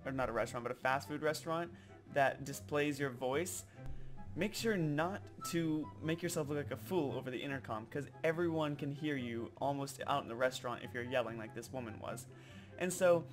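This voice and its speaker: A young man vlogging casually, telling a work story in an animated way and acting out customers in exaggerated voices. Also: mid-range voice.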